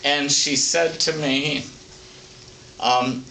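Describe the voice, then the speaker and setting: An older man speaking as a psychic medium, telling stories from his life in a plainspoken, folksy, unhurried way for an oral history. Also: medium pitch, pushed and bright. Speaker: psychic medium recounting readings. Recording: distant mic with faint background hiss.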